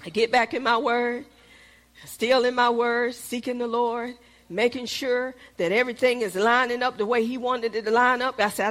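A middle-aged woman preaching a sermon, calling out to the congregation and dropping at times to a hushed whisper. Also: on the high side. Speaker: pastor.

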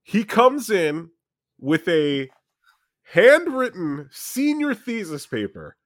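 A man telling a story among friends in casual chat, animated, laughing often and swearing freely. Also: sits high, takes it slowly, no echo, clean studio sound.

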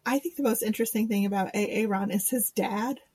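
A woman's voice: medium pitch, fairly quick, a little mellow, breathy edge, dry recording. A woman co-hosting a podcast, chatting casually and sarcastically, laughing and quoting people in mock voices. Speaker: podcast co-host. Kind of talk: casual chat.

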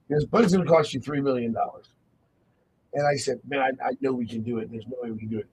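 Brief: male faith-radio host, gravelly tone, animated storyteller who acts out quotes. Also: mid-range voice, quick pace, slight background noise, low-quality recording.

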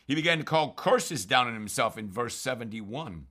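A man's voice: medium pitch, expressive, normal speed, sharp tone. A man walking listeners through Bible readings in an earnest, emphatic, informal way, with frequent fillers and restarts. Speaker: Bible teacher. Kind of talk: informal scripture commentary.

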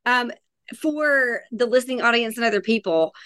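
A woman's voice: fairly high pitch, normal speed, fairly bright tone, smooth, dry recording, clean studio sound. A woman hosting a casual interview, eagerly jumping in with enthusiastic questions and reactions. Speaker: host.

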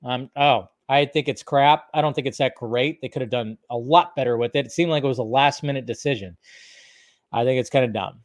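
A man's voice: mid-range voice, fairly quick. A man hosting a casual film news livestream, reading out viewers' chat questions and answering them in a loose, rambling way with free swearing. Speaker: film news channel host.

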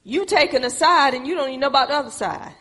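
A woman's voice: sits high, lively intonation, fast, fairly bright tone. A woman preaching a sermon, folksy and calling on the congregation for responses. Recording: echoey hall with long reverb.

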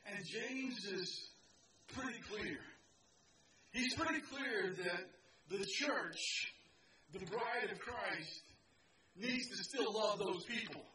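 High-voiced pastor preaching outdoors. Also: male voice. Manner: conversational, joking asides to the crowd. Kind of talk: outdoor sermon. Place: park picnic, outdoors. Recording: distant mic with crowd noise.

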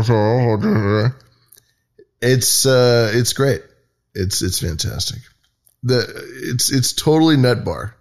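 A man hosting a podcast, talking in loose, profane, mocking casual commentary with lots of restarts. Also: medium pitch. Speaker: podcast host.

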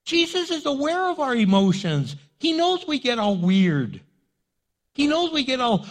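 A man pastor preaching a sermon in an animated, jokey way. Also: sits high, moderate pace.

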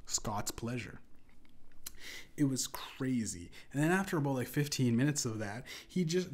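A young man hosting a podcast, telling an absurd comedic story in a casual, profane, rambling way with lots of restarts. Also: mid-range voice. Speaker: podcast host.

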